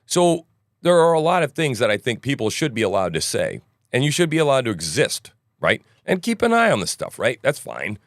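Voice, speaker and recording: A man's voice: mid-range voice, wildly swooping pitch, a little fast, no echo, clean studio sound. A male podcast host with a morning voice, rambling through casual livestream news commentary and tossing in "right?" asides and jokes.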